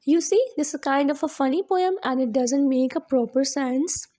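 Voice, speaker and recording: A woman teacher, explaining a lesson slowly step by step, often repeating herself. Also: sits high, dark tone. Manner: slow, explaining step by step with repetitions. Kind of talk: classroom lesson on limericks.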